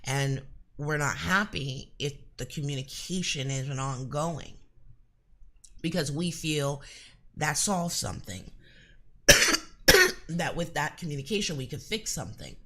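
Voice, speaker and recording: A woman's voice: sits low, animated, slow, pauses often, bright, forceful tone. A woman giving a live psychic reading in a chatty, hesitant way, with many fillers and an occasional cough. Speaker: psychic reader.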